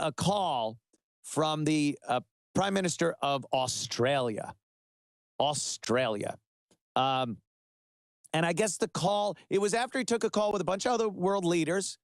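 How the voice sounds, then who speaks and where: A middle-aged man hosts his own show, ranting with a sarcastic, mocking edge and hammering his points. His voice sits a bit higher than most men's. It is recorded close and dry, with no room sound. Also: gravelly, no room sound. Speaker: web show host. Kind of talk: ranting political commentary.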